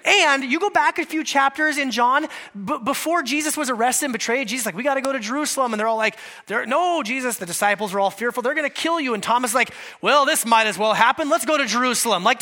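A male pastor preaching a lively, conversational sermon, acting out quotes from scripture figures. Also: extremely high pitch, fast.

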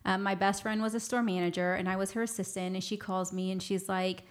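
A woman's voice: mid-range voice, fairly even intonation, a little fast. A young woman, a clothing brand owner, telling her story in a casual interview, chatty and full of quoted dialogue.

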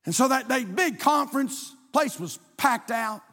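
A man preaching as pastor to his congregation, building to shouted, rhythmic lists of praise. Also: very high voice, animated, a little slow. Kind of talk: sermon. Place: large church sanctuary. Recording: long hall reverb.

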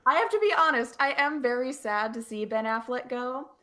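A woman's voice: high-pitched, expressive, fairly quick, fairly bright tone. A woman co-hosting a podcast in casual chat, wry and joking. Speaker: podcast co-host.

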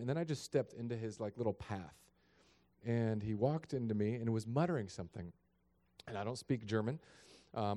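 A middle-aged male pastor telling a story in a sermon, shifting between hushed and raised passages. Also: on the low side.

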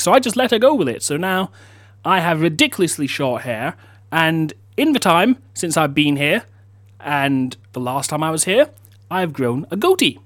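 A man's voice: fairly high pitch, fairly bright tone, no room sound. A man hosting a comedy show, telling a story with self-mocking asides. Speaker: host. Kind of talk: comedic storytelling and news segment.

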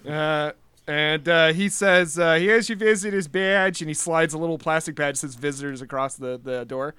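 A young man narrates a tabletop game as game master, loose and full of pauses. His voice sits high and bright, with a crisp, smooth sound. The recording is dry and close. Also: no room sound. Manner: casual, many fillers and restarts.

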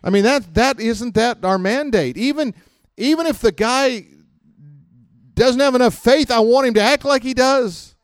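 A man's voice: very high-pitched, unhurried, smooth, no echo, studio quality. A man preaching a conversational sermon as pastor, mixing plain talk with acted prayers and rising to emphatic fervor.

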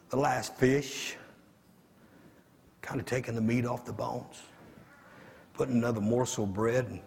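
A man preaching a sermon as pastor, leading phrases with "uh" and building to shouts. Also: on the high side, long reverb tail, a little hiss or hum. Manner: preaching with frequent "uh" before each phrase, rising to shouts.

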